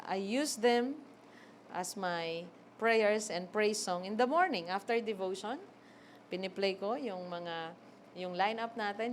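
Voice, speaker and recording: A woman's voice: medium pitch, a little hiss or hum. A woman with a Filipino accent preaching a sermon, reading scripture aloud and asking her listeners "okay?" in a teacherly way. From Philippines. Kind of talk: Palm Sunday sermon mixing English and Tagalog.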